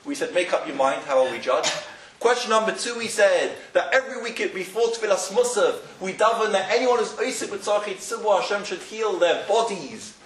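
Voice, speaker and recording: A man's voice: sits high, expressive, fairly quick, a bit bright. A man giving a Talmud lecture, asking rhetorical questions and mixing in Hebrew and Yiddish terms, often restarting his words. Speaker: Torah teacher. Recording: roomy, distant mic, faint noise.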